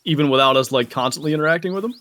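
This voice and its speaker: A man's voice: fairly high pitch, rapid-fire, fairly bright tone. A young man chatting casually while livestreaming a game, rambling along with plenty of filler words. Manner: rambling, laid-back, lots of "like" fillers. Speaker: gaming streamer.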